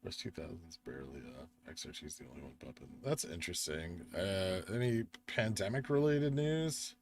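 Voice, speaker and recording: Tired, rambling man with a deep voice. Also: moderate pace. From United States. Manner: rambling, talks while reading chat and charts. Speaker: livestream host. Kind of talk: casual live-stream chat.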